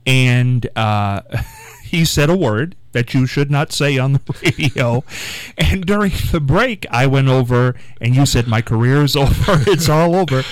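A man's voice: mid-range voice, animated, a little slow, smooth, no room sound, low-quality recording. A male interviewer asking about past moments and retelling a story animatedly, chuckling as he goes. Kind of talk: conversational interview.

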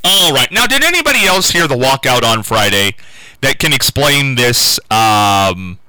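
A man hosting a call-in radio show, talking unscripted and halting, often repeating words and restarting. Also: medium pitch, very animated, bright, forceful tone, no echo, low-quality recording. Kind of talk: casual unscripted call-in talk.

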